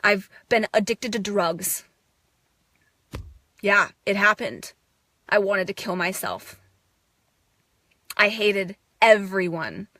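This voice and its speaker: A woman's voice: mid-range voice, animated, slow pace, long pauses, bright, forceful tone, no room sound. A young woman giving a raw, emotional self-help monologue, intense and swearing, breaking into bursts of laughter. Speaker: spiritual speaker.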